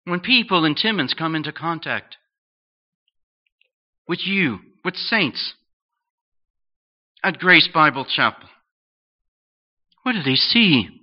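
A man preaching a sermon in an earnest, questioning way, pausing between phrases. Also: fairly high pitch, sing-song. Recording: dull lo-fi sound.

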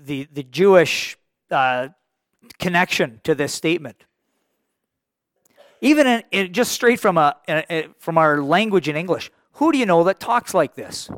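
Earnest, halting male preacher, dry sound. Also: a little high, no echo. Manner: earnest, halting with many restarts, rising to emphatic rhetorical questions. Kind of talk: sermon.

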